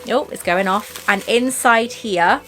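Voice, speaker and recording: A woman's voice: mid-range voice, measured pace, sharp tone, soft background music. A woman chatting to her camera as she unboxes jewellery, gushing and emotional. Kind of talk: casual unboxing chat.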